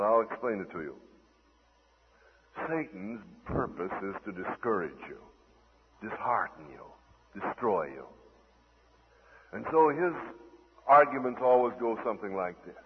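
A man's voice: on the low side, husky. Man preaching over old lo-fi radio. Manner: dramatic shifts between loud declaiming and hushed tender asides. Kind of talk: sermon. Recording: old lo-fi radio broadcast in a reverberant hall.

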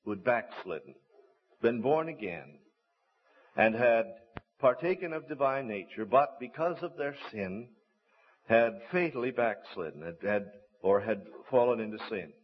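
A man preaching a sermon, telling stories in an earnest, measured and deliberate way. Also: mid-range voice, expressive, slightly rough. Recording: dull lo-fi recording.

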